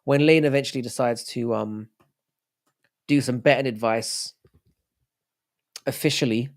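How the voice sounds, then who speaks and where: A man's voice: medium pitch, a little slow. A man hosting a livestream, rambling, swearing and joking with his chat. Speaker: livestream host.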